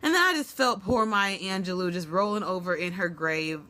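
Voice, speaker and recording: A woman with a bright, forceful voice, sitting slightly low in pitch for her sex, rattles through a reality show recap. Her delivery is sassy and sarcastic, with sudden leaps up in pitch for her punchlines. She keeps it casual, like she is talking to a friend. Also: expressive. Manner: sassy, sarcastic, rapid asides with big pitch jumps. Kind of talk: casual commentary vlog.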